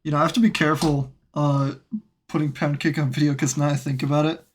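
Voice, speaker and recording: A woman's voice: deep voice, level tone, fast talker. A woman streaming from her room at home, chatting casually and talking in doting, playful baby talk to her pet. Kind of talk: casual live-stream chat.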